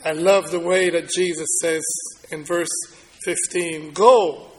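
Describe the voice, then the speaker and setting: A man preaching in a fairly high voice, spinning stories from his own life. He rises to loud declarations and then drops into soft, confiding telling. A faint noise sits under the recording. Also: little pitch movement, unhurried, poor audio. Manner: storytelling preacher, swings from loud declaring to low quiet telling. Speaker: pastor. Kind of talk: sermon.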